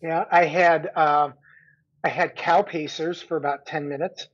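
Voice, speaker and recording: A middle-aged man, a guest, telling a long story in a relaxed chat with frequent restarts. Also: a little high, measured pace. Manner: chatty, many restarts and laughing asides. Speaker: guest runner. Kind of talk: casual storytelling. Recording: dull lo-fi sound.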